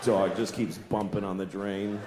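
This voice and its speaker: A man performing a stand-up comedy set, delivering blunt, profane deadpan observations. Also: sits low, unhurried. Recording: echoey live room with audience noise. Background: audience laughter.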